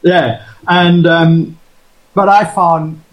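A man from Australia with an Australian accent, answering interview questions in a relaxed, rambling way. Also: fairly high pitch, extremely slow, rough recording. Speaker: podcast guest, farmer.

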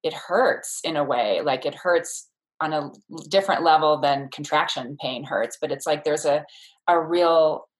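Low-voiced woman explaining thoughtfully. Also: moderate pace, rough recording. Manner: thoughtful, explanatory, many fillers and restarts. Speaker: childbirth educator, guest. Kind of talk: casual interview conversation.

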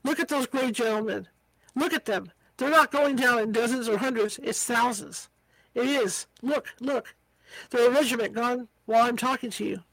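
A woman's voice: on the high side, moderate pace, no room sound, low-quality recording. A woman reading as an awestruck English soldier. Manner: loud, excited exclamations. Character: awestruck male English soldier shouting in a trench.

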